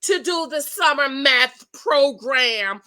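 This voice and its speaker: A woman with a bright, forceful voice talks straight to her viewers in a casual commentary. She is expressive and emotional, jumping from loud excitement to quiet asides. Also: high voice, slow, rough recording. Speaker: vlogger reviewing a reality show.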